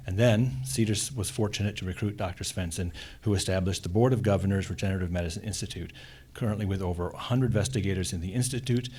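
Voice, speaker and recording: A man at a commencement ceremony reading a formal award introduction in a measured way, with the odd filler. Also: fairly low pitch, mellow, breathy edge. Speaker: faculty presenter.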